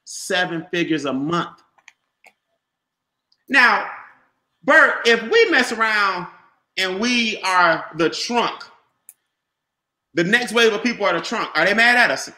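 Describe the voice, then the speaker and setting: A man giving an animated, repetitive motivational sales talk about a home business, calling on listeners by name. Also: sits high, measured pace, long pauses, reverberant. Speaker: business opportunity presenter.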